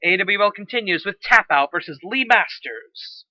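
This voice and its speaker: A man calling a wrestling game match play by play, excitable and quick to correct himself. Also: sits high, highs cut off, soft background music. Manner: excitable, self-correcting, swears at slips. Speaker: play-by-play commentator.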